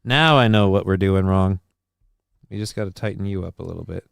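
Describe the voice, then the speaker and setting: A man with a deep, creaky but smooth voice talks a little fast while hosting a casual live stream. He reads chat messages aloud and answers in a defensive, rambling manner, cursing casually, with his voice sometimes cracking, in echo-free studio quality.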